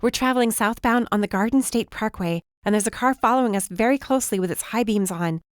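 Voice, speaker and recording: A woman voicing a frightened, teary young woman in a speeding car, speaking higher and anxiously. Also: quick pace, no room sound, clean studio sound, close to an everyday voice. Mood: scared.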